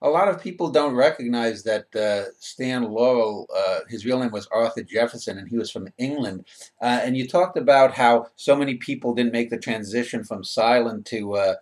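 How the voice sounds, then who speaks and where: A man hosting an interview over a video call, asking long, measured questions. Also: mid-range voice, a little mellow. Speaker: interviewer and host.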